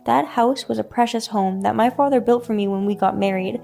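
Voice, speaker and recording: A woman's voice: mid-range voice, fairly quick, gravelly, warm tone, soft background music, natural voice. A woman voicing an older mother who, after years of putting up with abuse, firmly stands up to her son. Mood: defiant. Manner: shaky but firm, speaking up at last. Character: older mother, long-suffering but defiant.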